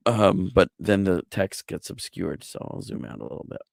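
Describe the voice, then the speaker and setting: A rabbi giving an online Bible Hebrew lesson, explaining step by step in a patient way with small jokes. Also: male voice, sits low, lively intonation, normal speed, creaky, no room sound, clean studio sound. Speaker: rabbi teaching a Hebrew class.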